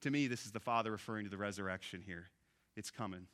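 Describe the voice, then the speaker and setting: A man preaching a sermon, expressive, dropping soft on key phrases and rising when animated. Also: fairly low pitch, fast. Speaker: pastor.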